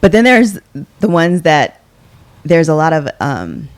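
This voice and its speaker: Low-voiced woman co-host. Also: very animated, measured pace, no echo. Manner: rambling, restarts sentences. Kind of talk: casual chat.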